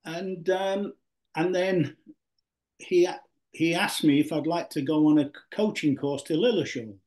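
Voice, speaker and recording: His voice is fairly high yet darkish in tone, and he takes his time. This older ex-footballer from Yorkshire, England, gives a storytelling interview, wandering through long tales full of fillers and restarts.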